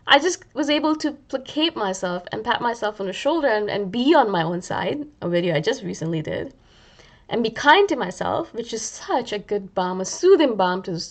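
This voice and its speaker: A woman vlogger talking casually and reflectively to her viewers, often saying "you know" and acting out her own inner voice. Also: a little high. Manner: conversational, many "you know" fillers, acts out inner dialogue. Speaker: spiritual vlogger.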